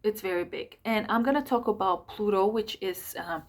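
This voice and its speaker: Woman astrologer with a voice, rushed and full of ums and restarts, mid-pitched. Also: a little hiss or hum. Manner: hurried, full of fillers and self-corrections. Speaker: astrologer giving monthly sign readings. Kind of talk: casual rushed talk to camera.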